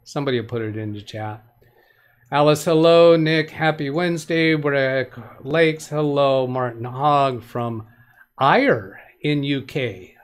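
Taking it slowly in a medium-pitched voice, a man hosts a live tech help stream and reads out viewer comments. His delivery rambles with frequent restarts and self-corrections, and his advice stays plain and practical.

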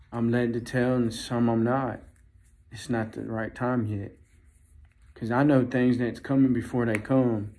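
A man giving a fervent religious vlog monologue, halting and repeating phrases as he warns his viewers. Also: mid-range voice, a little mellow. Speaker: Christian video preacher.

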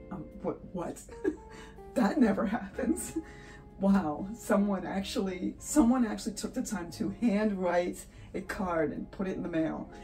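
A woman with a lowish, mellow voice hosts an art channel, chatting casually to her viewers in a vlog-style talk to camera. She's emotional, teary and sniffly, gushing and laughing often. The audio quality is poor.

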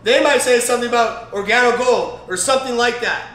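A man with a bright, forceful voice gives a loose motivational training talk, repeating himself and stacking fillers as he drives his points home. The recording sounds roomy and echoey. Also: extremely high pitch, fairly quick. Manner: rambling, repetitive, emphatic, with many fillers and restarts. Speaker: network marketing trainer. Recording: roomy echo.

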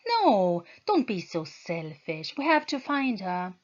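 A woman reader voicing a kind but firm young woman who protects a helpless girl, speaking earnestly and slowly. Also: mid-range voice, sing-song, muffled recording.

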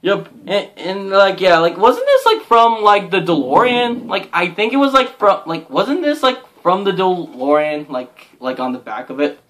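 A young man excitedly gushing as he unboxes a subscription crate, full of "oh my gosh" and filler words. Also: high voice, moderate pace, few pauses. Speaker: unboxing vlogger. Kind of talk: casual unboxing commentary.

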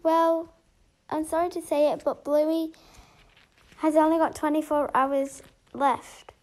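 A woman voicing a calm doctor in a game role-play story, talking in a matter-of-fact, gently advising way. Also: sits high, slow pace. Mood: solemn. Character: calm doctor breaking bad news.

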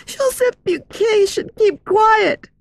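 Woman narrator puts on a high, breathy young dancer, scared and secretive, for a storybook reading. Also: slow pace, dry recording, heavily acted. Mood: urgent. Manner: hushed, urgent, fearful. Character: thin scared young ballet girl, secretive.

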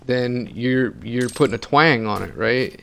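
Rambling, profane gamer man, gravelly voice. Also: mid-range voice, measured pace, fairly bright tone, a little hiss or hum. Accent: Northeastern American. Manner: rambling, profane, thinks aloud. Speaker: gamer streaming with friends. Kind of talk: casual chat over game voice chat.

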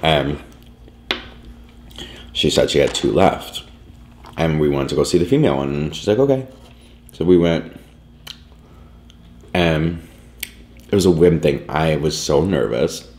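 Very deep-voiced man telling a story. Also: unhurried, pauses often, darkish tone. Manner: rambling, filler-heavy, lots of "like". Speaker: vlogger. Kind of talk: casual storytelling. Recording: echoey room.

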